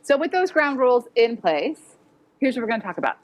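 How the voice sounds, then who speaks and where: Clear-spoken woman presenting at a conference. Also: a little high, big pitch swings, brisk. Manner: direct, practical, acts out quoted voices. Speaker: educator presenting. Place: conference hall with audience.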